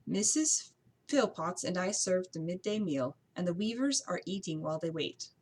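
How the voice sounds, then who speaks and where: A woman's voice: fairly low pitch, lively intonation, moderate pace, darkish tone, slight background noise, lightly acted. A woman voicing a kindly young lady's maid. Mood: reassuring. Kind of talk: amateur audiobook character voice.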